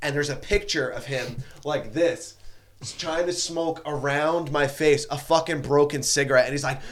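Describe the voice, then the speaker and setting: A man's voice: mid-range voice, moderate pace. A man telling rowdy bar stories in casual chat, swearing freely and rambling. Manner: profane, rambling anecdotes.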